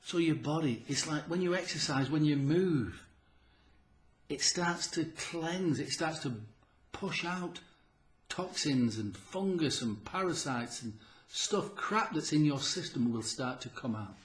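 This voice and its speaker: A man's voice: a little high, lively intonation, measured pace. A man speaks straight to the listener in an earnest, persuasive way, piling up rhetorical questions. He often stumbles and restarts his sentences. His voice rings around a roomy, echoey space. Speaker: health channel host. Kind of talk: casual direct-to-camera talk.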